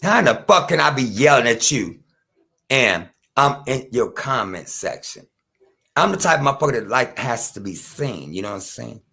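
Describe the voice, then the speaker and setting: Male streamer with a gravelly, mid-pitched voice. He rants off the cuff, chatty with his audience and cursing hard at a critic. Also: sing-song, moderate pace, bright, forceful tone. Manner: heated, profane, addresses a critic directly. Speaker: small online creator hosting his own stream. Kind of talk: unscripted rant to viewers.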